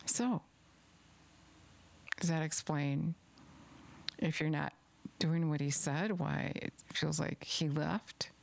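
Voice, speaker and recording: Woman preacher, low pitch, gravelly, earnest sermon, emphatic. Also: slow, pauses often, slight background noise. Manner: earnest, emphatic, repeats words. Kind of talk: sermon with scripture reading.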